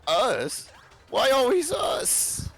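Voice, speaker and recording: A man's voice: high-pitched, vocal fry, a bit bright, breathy edge, faint music behind, voice pushed up, heavily acted. A man voicing a nervous, whiny young slacker in a fan story reading. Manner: whiny, drawn-out.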